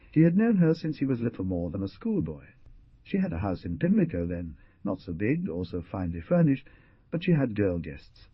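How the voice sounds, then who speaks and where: Husky low-voiced male audiobook narrator. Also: no echo, highs cut off. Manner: dramatic, lively reading. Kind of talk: scripted narration.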